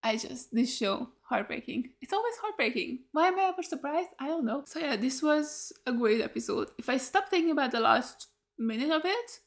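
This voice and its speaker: A woman's voice: high voice, expressive, a little fast, vocal fry. A woman giving a casual, emotional reaction to a TV episode, rambling and cutting herself off mid-thought. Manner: rambling, emotional, self-interrupting. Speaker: TV reaction host.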